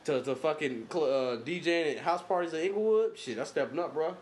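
A man's voice: on the high side, a little fast, a little mellow, slight background noise. A man from co-hosting a podcast, telling loose, slangy, profane stories and jokes in casual chat. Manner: loose, joking, slangy storytelling. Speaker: podcast co-host.

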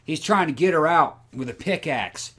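A man's voice: fairly high pitch, expressive, moderate pace, fairly bright tone. A man co-hosting a casual film podcast, laid-back, chiming in with frequent agreement. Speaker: podcast co-host.

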